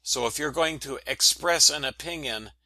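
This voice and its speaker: A man's voice: a little high, moderate pace, pushed and bright, dry recording. A man hosting a solo podcast, talking in an earnest, lecturing, preachy way. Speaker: podcast host.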